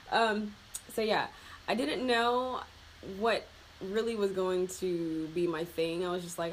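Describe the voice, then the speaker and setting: A young woman, a beauty vlogger, makes loose conversation while doing her makeup, her voice on the low side at a measured pace. Heartfelt and nearly in tears, she laughs and uses many fillers. The audio is poor, with a little hiss or hum.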